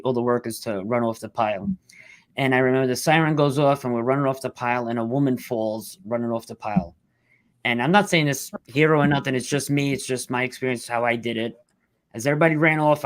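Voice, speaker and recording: A middle-aged man, a rescue worker telling his story in an interview, blunt and halting, fighting back tears. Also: medium pitch, dry recording. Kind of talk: emotional storytelling.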